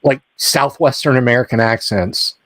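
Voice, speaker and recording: A man's voice: mid-range voice, normal speed, a bit bright, dry recording. Rambling middle-aged man hosting a stream. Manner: rambling, many fillers and restarts. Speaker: stream host. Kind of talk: casual live-stream chat.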